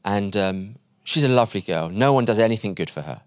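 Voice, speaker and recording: A male preacher telling a story in a sermon, acting out the quoted voices and dropping quiet and slow at the emotional points. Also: on the low side, lively intonation, no room sound, studio quality. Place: conference hall.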